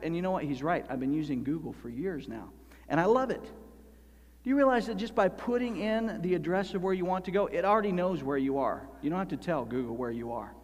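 A man preaching a sermon as pastor, animated and emphatic, slowing down to stress key phrases. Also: a little high. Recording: long hall reverb.

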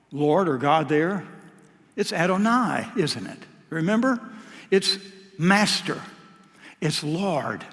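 A male preacher delivers an impassioned sermon in a high voice. He surges to loud, emphatic peaks and then sinks into soft, low asides. The long reverb of a large church hall trails every phrase.

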